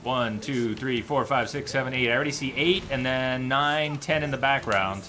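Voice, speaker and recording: A man streaming a game, thinking aloud in casual commentary with sudden loud outbursts. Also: mid-range voice, normal speed. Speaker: gameplay streamer.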